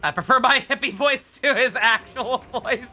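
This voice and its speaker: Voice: mid-range voice, normal speed, bright, forceful tone, faint music behind. A streamer giving casual let's play commentary, rambling, swearing freely and laughing at their own jokes. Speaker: video game streamer.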